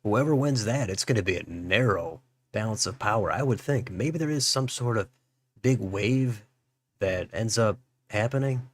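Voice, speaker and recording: A man's voice: lowish voice, expressive, normal speed, no room sound. A man hosting a political livestream, musing aloud as he reads out election results. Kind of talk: live election results commentary.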